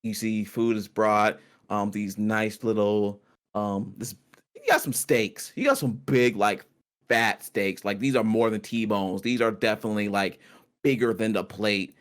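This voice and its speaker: Slow-talking man running a tabletop game. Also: fairly low pitch. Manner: rambling, relaxed, lots of fillers. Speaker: game master.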